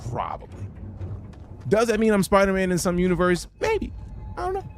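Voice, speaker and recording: A man's voice: sits high, wildly swooping pitch, fairly quick, slight background noise. A young adult man streaming a game live, chatting casually, with profane, joking commentary and sudden sing-song bursts. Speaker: gaming streamer.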